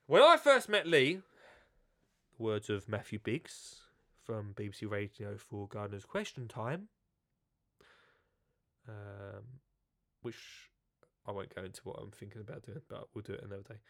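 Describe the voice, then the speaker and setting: A man's voice: fairly high pitch, sharp tone. A man with a cold, chatting casually and jokily to viewers about his gardening book, with lots of restarts. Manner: jokey, rambling, many restarts. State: has a cold. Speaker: author and gardening presenter. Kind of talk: casual live video chat.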